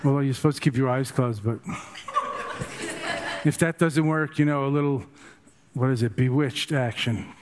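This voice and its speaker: A man's voice: medium pitch, moderate pace, pauses often, background noise. An older man giving a humorous, digressive meditation talk, telling stories to his listeners. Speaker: meditation teacher. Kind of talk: storytelling dharma talk.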